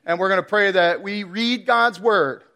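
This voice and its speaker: A man's voice: sits high, normal speed, creaky, bright, forceful tone. A man preaching a sermon, laughing often and acting out his pets in put-on voices.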